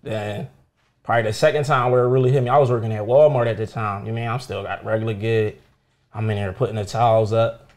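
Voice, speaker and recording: A young man, a comedian, telling stories in casual chat, animated and swearing freely while acting out the people in them. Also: fairly low pitch, fast. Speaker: comedian guest. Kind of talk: casual storytelling.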